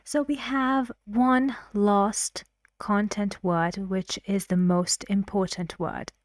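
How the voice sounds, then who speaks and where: A woman's voice: mid-range voice, fairly even intonation, slow, no room sound, studio quality. A woman teaching an English intonation lesson, explaining clips and repeating phrases to model how they rise and fall.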